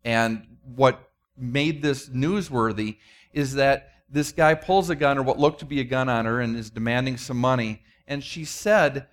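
A man's voice: medium pitch, moderate pace. A man preaching a conversational sermon, retelling stories with frequent restarts and acted-out quotes. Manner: conversational, self-deprecating, many restarts, acts out quotes. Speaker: pastor.

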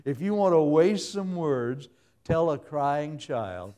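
Folksy, higher-voiced male preacher. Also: lively intonation, slow pace, mellow. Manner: folksy, anecdotal, humorous. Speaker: pastor. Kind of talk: sermon.

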